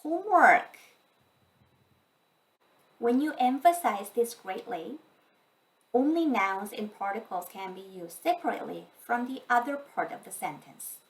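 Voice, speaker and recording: A woman giving a scripted grammar lesson, explaining each point slowly and carefully. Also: mid-range voice, lively intonation, far from the mic, poor audio. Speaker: language teacher.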